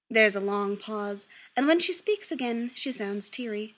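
A woman narrating a story aloud in an expressive, lively reading. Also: medium pitch, unhurried, few pauses.

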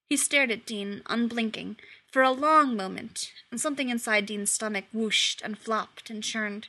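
A woman reads a story aloud with lively expression. Her voice is high and bright, and her pacing is quick and animated. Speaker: reader. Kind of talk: reading fiction aloud.

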